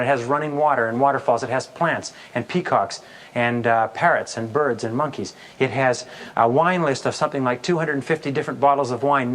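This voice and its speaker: A man giving a sales seminar, telling stories and acting out the customer's answers with amusement. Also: mid-range voice. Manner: storytelling, acts out customer voices. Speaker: sales trainer. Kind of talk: recorded sales seminar talk.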